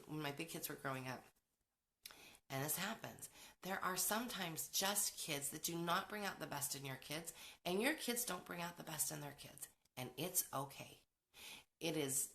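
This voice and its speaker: A woman's voice: deep voice, gravelly, sharp tone. A woman in her forties hosting a podcast, talking casually about parenting, chatty, laughing often and acting out quotes. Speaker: podcast host.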